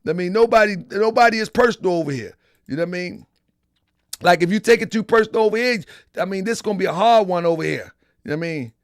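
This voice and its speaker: Male live-stream host, high voice, dry sound, chatty, repeats himself, talks to the chat directly. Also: fast talker, no room sound. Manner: repetitive, talks straight to the chat. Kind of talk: casual live-stream commentary.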